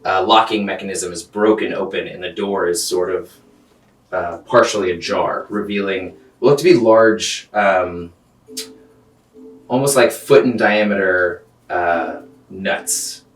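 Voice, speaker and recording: A man narrating a tabletop game as game master. He describes scenes at length, often pausing on ums and uhs. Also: deep voice. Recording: roomy, distant mic, faint music.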